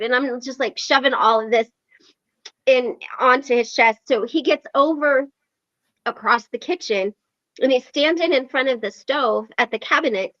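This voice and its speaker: A woman's voice: high-pitched, moderate pace, highs cut off. A woman telling a story on an online meeting, acting out the quoted lines with lots of fillers. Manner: animated, acts out quoted lines, frequent fillers. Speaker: recovery meeting host. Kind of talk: casual storytelling.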